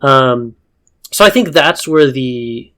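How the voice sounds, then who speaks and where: A man's voice: mid-range voice, expressive, takes it slowly, a bit bright. A man co-hosting a casual podcast about tabletop games, talking in a rambling way with many fillers and restarts. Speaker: podcast co-host.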